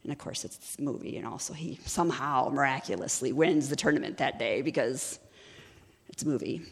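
A woman's voice: rumbling low, a little fast, breathy edge, big-room sound. A woman giving a sermon-style teaching in a conversational, storytelling way, often asking her listeners questions. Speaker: ministry executive director teaching.

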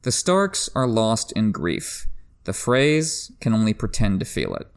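A man hosting a book discussion podcast, giving enthusiastic literary analysis, pushing his pitch up sharply for emphasis and laughing now and then. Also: wildly swooping pitch, a little slow, clear, resonant tone. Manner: laughs while talking. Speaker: podcast host.

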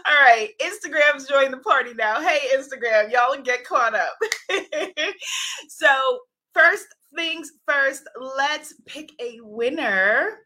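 Woman host on a live stream, high bright voice, unhurried, effusive, greets viewers. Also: lively intonation. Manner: effusive, greets commenters, laughs often. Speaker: livestream host and author.

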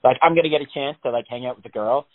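Man, casual podcast chat, animated storyteller, curses a lot, narrow phone-like sound. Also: medium pitch, very fast. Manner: animated storyteller, swears a lot, acts out panicked voices.

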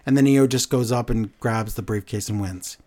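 A man co-hosting a podcast, recapping matches in casual, animated storytelling and putting on voices for the lines he quotes. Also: on the low side, normal speed. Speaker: podcast co-host.

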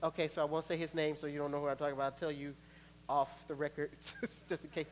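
A man preaching a sermon as pastor, conversational and animated, joking with the congregation. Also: on the high side, fast talker, slight background noise. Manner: animated, acts out quoted voices, laughs between points.

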